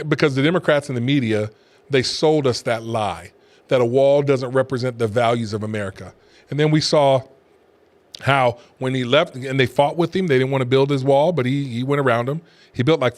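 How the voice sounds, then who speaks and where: A man, a pastor hosting a show, giving emphatic political commentary to camera, repeating his points with scornful asides. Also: medium pitch. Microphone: camera facing speaker.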